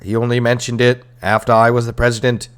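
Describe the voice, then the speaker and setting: A man doing a comedic impression of a 1960s president's accent on a history podcast, speaking slower and louder than his own voice. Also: medium pitch, level tone, clean tone, voice pushed up, lightly acted. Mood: self-justifying.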